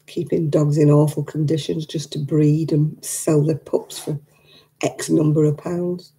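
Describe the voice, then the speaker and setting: A woman talks to her live audience over a webcam mic, stopping to greet viewers by name and answer their comments. Her voice is very dark and gravelly, with plenty of fry, and she keeps a casual, heartfelt tone. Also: sits low, little pitch movement, measured pace, low-quality recording. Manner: emotional about her late dog. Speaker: craft livestream host.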